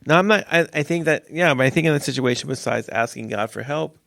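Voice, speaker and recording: A man, a priest and podcast co-host, telling stories in a joking, animated way in casual chat. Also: fairly high pitch, fast, vocal fry, no room sound, studio quality.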